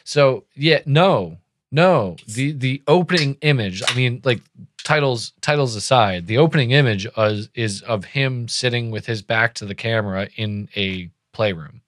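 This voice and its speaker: A man's voice: mid-range voice, a little slow, a bit bright, no echo. A man in casual movie talk, thoughtful and analytical, cursing now and then.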